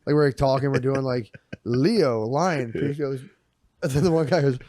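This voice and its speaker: A man's voice: medium pitch, moderate pace, dark tone, no echo, clean studio sound. A young man in casual chat, telling crude stories and laughing often.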